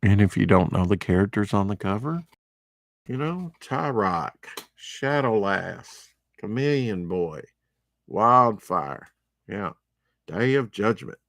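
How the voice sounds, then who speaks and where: Guy rambling thru his comic pile, gravelly low voice, real dry close sound. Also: expressive, slow, a bit bright, dry recording. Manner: rambling, chatty, opinionated asides. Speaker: comic book vlogger. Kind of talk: casual comic unboxing commentary.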